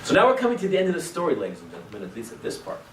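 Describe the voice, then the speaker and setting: Dramatic, high-voiced male rabbi storyteller. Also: huge pitch swings, rapid-fire. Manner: dramatic, swings between loud exclamations and hushed asides; sprinkles in Hebrew and Yiddish words. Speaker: rabbi teaching a class. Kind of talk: animated storytelling lesson. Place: synagogue classroom. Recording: echoey room, distant mic, faint noise.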